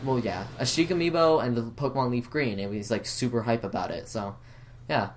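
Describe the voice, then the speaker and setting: A man's voice: medium pitch, fairly quick, slight background noise. A man co-hosting a casual podcast, earnest and apologetic, often stammering and restarting his sentences. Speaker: podcast co-host.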